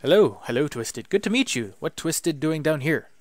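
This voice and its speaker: A man doing a loud, high, chattering goblin. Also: normal speed, no echo. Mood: excited. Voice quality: broken grammar, repeats words. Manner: loud, excitable, high-pitched. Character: jittery chattering male goblin in a cellar.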